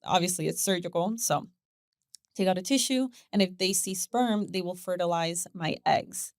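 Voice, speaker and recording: A woman's voice: on the low side, normal speed, dry recording, clean studio sound. A woman guest on a podcast, openly telling a personal story in casual conversation and laughing now and then. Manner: open, storytelling with acted quotes and laughs.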